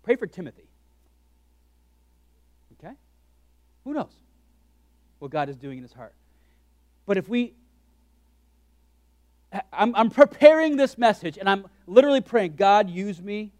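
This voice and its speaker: A man preaching a sermon as pastor, animated and joking, acting out his own thoughts in quick asides. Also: high-pitched, no echo.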